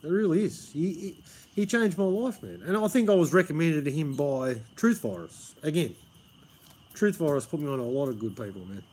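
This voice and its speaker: A man's voice: a little high, lively intonation, moderate pace, darkish tone, slightly rough. An Australian man hosting a live stream, rambling casually, swearing and saying "man" a lot, outdoors under a pergola. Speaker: livestream host.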